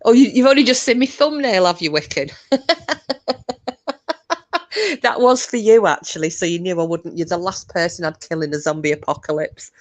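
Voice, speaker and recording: Lady hosting a live chat, low voice, laughs a lot and swears casually. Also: normal speed, pauses often. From England. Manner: chatty, swears freely, laughs often. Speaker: livestream host.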